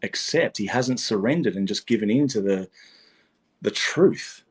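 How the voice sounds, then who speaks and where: A man's voice: on the low side, lively intonation, measured pace, husky. A man giving a casual psychic tarot reading, rambling and repeating himself, swearing freely.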